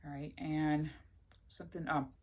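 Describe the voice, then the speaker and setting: A woman's voice: low-pitched, level tone, measured pace, highs cut off. Chatty woman vlogging from home. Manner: rambling, chatty, laughs often. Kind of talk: casual chat to camera.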